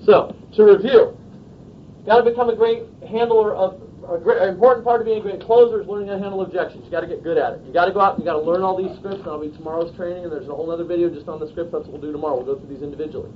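High-voiced direct male sales trainer. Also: steady tone, very fast. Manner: direct, checks in with "okay?". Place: training room, filmed on video camera. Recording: dull lo-fi video with faint rumble.

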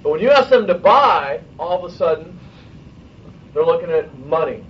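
A man's voice: lively intonation, normal speed. A man leading a sales training session, talking directly and often checking in with the group. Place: training room, filmed on video camera. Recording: dull lo-fi video with faint rumble.

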